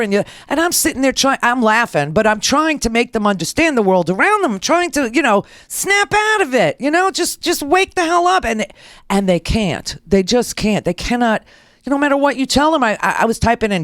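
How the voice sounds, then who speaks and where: A woman's voice: fairly high pitch, sing-song, moderate pace, no room sound, studio quality. A middle-aged woman hosting a political talk radio show, ranting in a blunt, sarcastic and crude way.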